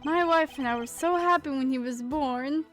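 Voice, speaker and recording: A woman's voice: high-pitched, moderate pace, fairly bright tone, soft background music. Woman playing a sentimental doting old man. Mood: smug. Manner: sentimental, theatrical.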